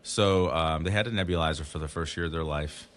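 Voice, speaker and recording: A very low-voiced man chats casually as a podcast guest. He tells his story with energy and jumps into high, lively voices when he quotes people. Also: brisk, a little hiss or hum. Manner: animated storyteller acting out voices of others.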